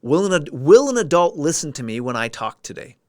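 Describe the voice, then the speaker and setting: A man's voice: fairly high pitch, sing-song, a little fast, darkish tone, no room sound. Earnest man on a dry close mic. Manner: earnest and emotional, reads out viewer comments. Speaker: livestream host. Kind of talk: heartfelt livestream talk.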